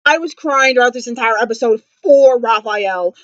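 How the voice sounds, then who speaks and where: A woman's voice: fairly high pitch, moderate pace, a bit bright, dry recording, highs cut off. A young woman vlogging a fan review of a TV episode, gushing and dramatic, full of "like" and fillers. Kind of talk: excited fan review chat. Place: indoors at home.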